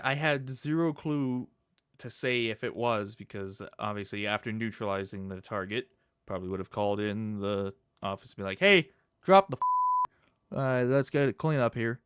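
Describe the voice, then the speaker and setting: A man commentating as he plays a horror game, jumpy and animated, swearing under his breath at scares. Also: medium pitch, clear, resonant tone, dry recording, studio quality. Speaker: gaming YouTuber.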